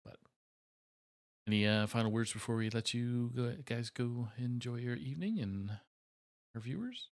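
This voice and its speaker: A man hosting a live esports stream, wrapping up casually with halting, filler-filled speech. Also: mid-range voice, lively intonation. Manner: halting, many filler pauses.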